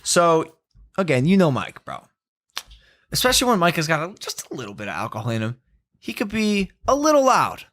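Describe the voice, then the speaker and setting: A young man hosting a podcast, spinning an anecdote with lively energy and leaping up in pitch whenever he quotes someone. His voice sits a touch high, recorded close and dry on a studio mic. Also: brisk, dry recording. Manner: animated, jumps up in pitch for excited quotes. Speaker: podcast host. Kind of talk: storytelling in casual podcast chat.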